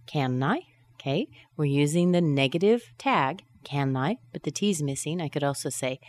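A woman teaching English pronunciation, drilling short question tags slowly and deliberately. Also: deep voice, lively intonation, a little mellow.

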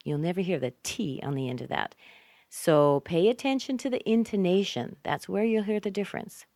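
A woman with a North American accent teaching English pronunciation, repeating example phrases slowly with exaggerated stress. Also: fairly low pitch, a little mellow, no room sound, clean studio sound. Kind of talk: scripted pronunciation lesson.

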